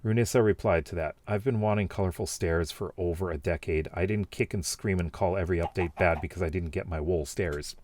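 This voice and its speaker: Low-voiced man rambling through viewer comments. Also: fairly quick, few pauses, darkish tone. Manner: rambling, with many fillers and restarts. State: has the hiccups. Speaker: YouTuber reading viewer comments. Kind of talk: casual commentary.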